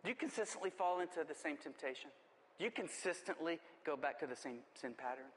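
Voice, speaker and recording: Man, preacher, impassioned sermon, repetitive emphasis, fairly high voice, long hall reverb. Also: lively intonation, a little fast. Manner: impassioned, repetitive emphasis, rising to near shouting.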